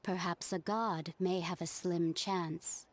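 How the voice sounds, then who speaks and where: A cryptic, unseen woman from a video game speaks with slow, solemn calm. Her words drift out partly in a whisper, unhurried and deliberate. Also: on the low side.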